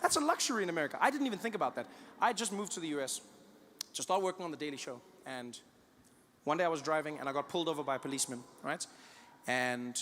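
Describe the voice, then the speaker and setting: A man's voice: a little high, long reverb tail, slight background noise. A man from South Africa with a South African accent, a stand-up comedian telling stories and acting out conversations. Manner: animated, acts out both sides of the conversation.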